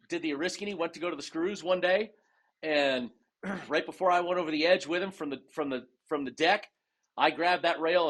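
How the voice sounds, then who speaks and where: A man telling stories as a podcast guest in a casual, animated way, acting out dialogue and often restarting his sentences. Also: a little high. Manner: animated storyteller who acts out dialogue, with frequent restarts. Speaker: guest, retired race car driver and dive master. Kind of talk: casual storytelling interview.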